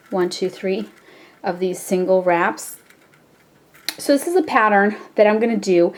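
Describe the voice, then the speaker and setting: A woman hosting a jewelry-making tutorial, explaining each step in a relaxed, chatty way with frequent fillers. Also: mid-range voice. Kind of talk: casual step-by-step craft tutorial.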